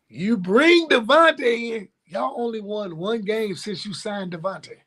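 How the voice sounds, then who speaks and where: A man with a high, husky voice co-hosts a casual sports talk show. He argues bluntly and emphatically, and his pitch swings all over. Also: lively intonation, a little slow, hardly any pauses, a bit bright.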